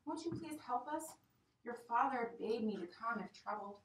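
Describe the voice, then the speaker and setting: A woman's voice: on the high side, expressive, moderate pace, a bit bright, slight background noise, pitched above the performer's own voice. A woman voicing a desperate young village mother who pleads tearfully, read aloud to a class. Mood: begging. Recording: echoey room from far off.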